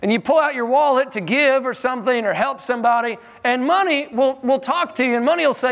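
Man, high-pitched voice, animated chatty sermon, chuckles, church. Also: fairly quick, few pauses. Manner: conversational and animated, with chuckles and repeated words. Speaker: preacher.

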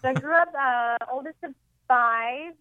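A wisecracking woman calls in over a tinny phone line. Her voice sits a little high, and she laughs at her own jokes. The sound is dry, with no room echo. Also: unhurried. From Boston area, Massachusetts. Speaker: comedian guest. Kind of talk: casual comedy chat.

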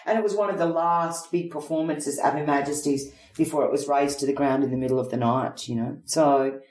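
Middle-aged Australian actress as guest, vivid theatrical storyteller, roomy echoing room. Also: female voice, deep voice, fairly even intonation, brisk, a little mellow. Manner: theatrical storyteller, acts out quotes. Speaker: guest, head of acting. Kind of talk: anecdotal interview chat. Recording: roomy echo.

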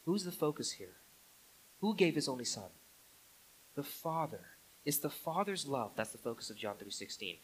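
A man's voice: fairly high pitch, very animated, normal speed, husky, low-quality recording. A man preaching a sermon as pastor, building his points to emphatic climaxes.

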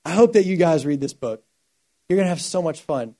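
A male pastor delivering a sermon, his voice sitting somewhat high yet soft and mellow. He tells stories with real energy, swinging from hushed, earnest passages to excited, louder bursts. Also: a little fast. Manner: animated storytelling, shifting from quiet to loud.

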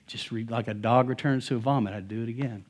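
A middle-aged male pastor preaching a sermon in a conversational, animated way, with touches of humor. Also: mid-range voice, a little fast, husky.

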